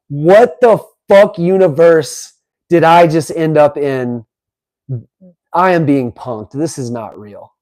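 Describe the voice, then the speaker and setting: Slow, mellow-voiced male streamer. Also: on the high side, low-quality recording. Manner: incredulous, animated, reads aloud with asides. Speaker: livestream host. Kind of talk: live-stream reaction chat.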